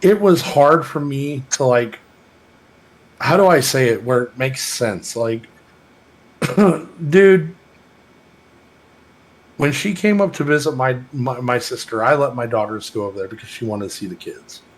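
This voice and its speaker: Texas guy on a podcast, swears a lot, rambly and heartfelt, average pitch. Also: a little slow, long pauses, poor audio. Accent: Texan. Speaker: podcast co-host. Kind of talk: casual chat.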